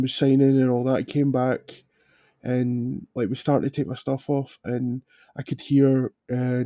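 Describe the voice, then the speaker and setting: A man's voice: medium pitch, mellow, no room sound, studio quality. A man who is a podcast guest, speaking hesitantly with many fillers in a casual chat. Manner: hesitant, halting, lots of fillers.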